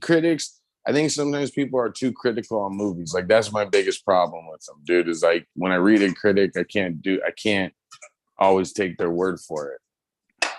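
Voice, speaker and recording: A man's voice: sits low, moderate pace, a little hiss or hum. A man co-hosting a casual pop-culture talk show, swearing freely and laughing as he tells stories. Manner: profane, laughing, animated storytelling. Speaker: podcast host. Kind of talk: casual chat.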